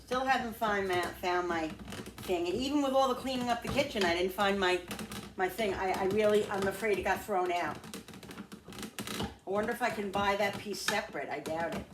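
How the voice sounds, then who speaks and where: A woman's voice: medium pitch, normal speed. A middle-aged woman chatting casually to her viewers while cooking at home, thinking aloud and calling them guys. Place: home kitchen. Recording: echoey, distant, noisy kitchen.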